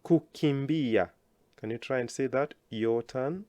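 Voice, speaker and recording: A man teaching a language lesson, slowly enunciating words for learners to repeat and praising them often. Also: mid-range voice, darkish tone, no room sound.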